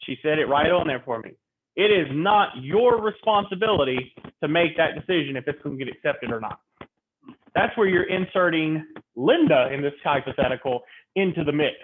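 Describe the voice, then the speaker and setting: A man lecturing a real estate class, acting out clients and agents in quick animated stories. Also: sits high. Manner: animated storytelling, role-playing clients in quotes. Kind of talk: classroom lecture with acted-out examples. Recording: tinny phone-like audio with faint noise.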